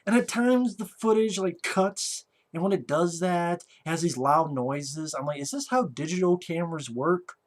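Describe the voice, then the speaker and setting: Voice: mid-range voice, normal speed, hardly any pauses. Sarcastic reviewer ranting about a movie, swears a lot, blunt and casual. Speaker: film reviewer.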